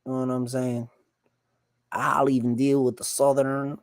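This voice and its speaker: A man's voice: medium pitch, measured pace, gravelly, dry recording. A man from the United States streaming live from home, reacting to videos with blunt, joking slang commentary. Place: home at night, son asleep nearby.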